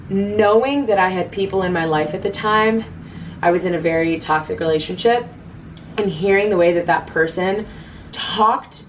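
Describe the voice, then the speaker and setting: A woman's voice: medium pitch, slight background noise. Earnest chatty young woman, distant mic. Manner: earnest, chatty, quotes her own inner voice. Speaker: self-love vlogger. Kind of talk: casual advice to camera.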